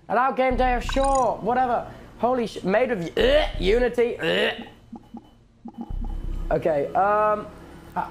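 Excitable man streaming VR games. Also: high-pitched, slight background noise. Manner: excitable, rambling, swears a lot. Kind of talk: casual gaming stream chat.

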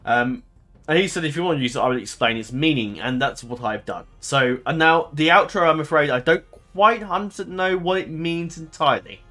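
A man's voice: on the high side, expressive, a little fast, bright, forceful tone, soft background music. A man hosting a gaming channel, chatting casually to his viewers in a rambling, hesitant way, often correcting himself and filling gaps with ums.

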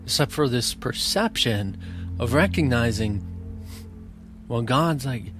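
A man giving an earnest, emotional spiritual talk, often laughing softly between thoughts. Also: medium pitch, animated, slow. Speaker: spiritual teacher. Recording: music bed under voice.

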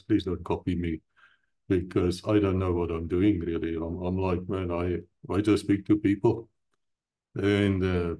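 Deep, mellow South African man hosting. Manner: jokey, rambling, self-mocking. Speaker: host. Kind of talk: casual chat, channel intro.

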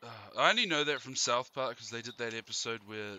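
A man's voice: mid-range voice, brisk, sharp tone, poor audio. A man with a New Zealand accent hosting a gaming channel, chatting casually and laughing often while he plays. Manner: giggly, jokey, laughs often. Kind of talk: casual chat while playing a game.

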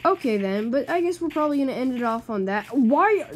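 A woman's voice: high-pitched, animated, a little fast, slight background noise, rough recording. A woman hosting a channel, giving casual running commentary on her game and pleading with the creatures on screen. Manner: chatty, exasperated, talks to game mobs. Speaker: gaming channel host.

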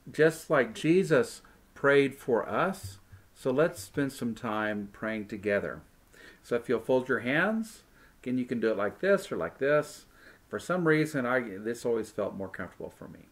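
A man pastor leading a children's worship talk and prayer, speaking gently and simply to young children. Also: mid-range voice, animated, measured pace.

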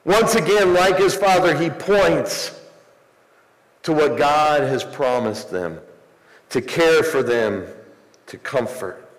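Male pastor, slow measured sermon, slightly high voice, echoey church hall. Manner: preaching with emphatic swells and pauses. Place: church sanctuary.

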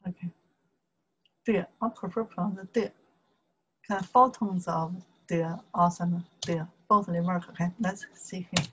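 A woman with a Chinese accent who speaks Chinese natively, teaching a casual online language lesson. She talks haltingly with many fillers and repeats each syllable along with its tone. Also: lowish voice, steady tone, fairly bright tone, a little hiss or hum, low-quality recording.

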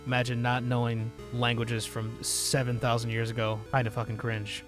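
A man streaming a game live, talking through it in an excitable, profane way with sudden yelling outbursts. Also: medium pitch, a little fast, hardly any pauses. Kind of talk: live gameplay commentary. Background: faint game soundtrack music.

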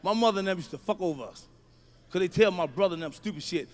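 A man doing a loud, profane stand-up comedy routine, telling stories with sudden shouts. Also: sits high, fast talker.

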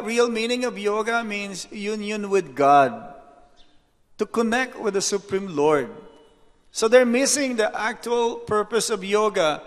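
A man, a monk, giving an unhurried devotional lecture, telling anecdotes and dropping rhetorical "hmm?" asides. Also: high-pitched. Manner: storytelling, reads out anecdotes. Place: temple hall. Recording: echoey hall reverb.

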